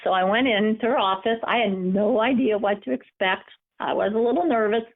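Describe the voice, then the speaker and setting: An American empowerment coach and speaker gives a live webinar presentation, sharing personal stories in an encouraging, storytelling manner. She talks a little fast at an ordinary middle pitch. The webinar call audio sounds narrow and phone-like.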